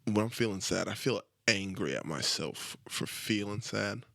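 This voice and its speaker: A man's voice: fairly low pitch, lively intonation, normal speed, creaky, fairly bright tone, dry recording. A young man hosting a solo podcast, talking in a crude, rambling, self-deprecating way with lots of swearing. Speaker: podcast host. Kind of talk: casual solo podcast monologue.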